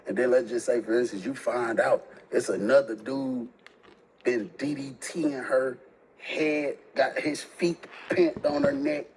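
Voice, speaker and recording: Animated slangy man telling a story. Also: a little slow, slight background noise, rough recording. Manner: animated, slangy, jumps high when quoting himself. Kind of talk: casual storytelling.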